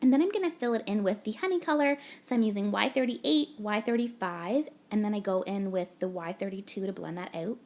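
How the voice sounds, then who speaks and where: A woman's voice: medium pitch, a little fast, few pauses, a little mellow. A young woman from Canada, gushing and chatty as she talks through a card-making tutorial voice-over step by step.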